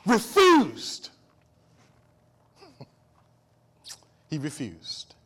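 A male pastor preaching a sermon, calling out for amens and swinging from loud outbursts to low hushed asides. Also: huge pitch swings, extremely slow. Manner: repeats and restarts phrases, calls for amen.

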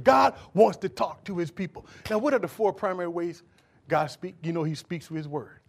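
A male pastor preaching a sermon, calling out to the congregation and swinging from loud bursts to hushed asides. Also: sits high, expressive, brisk, gravelly.

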